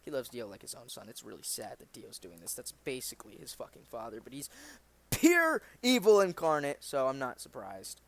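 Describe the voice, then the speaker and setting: A man's voice: mid-range voice, brisk, vocal fry, hardly any pauses, slight background noise. A man hosting a comic reading, tossing in casual, joking, profane asides. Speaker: channel host reading a comic. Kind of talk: casual commentary between reading.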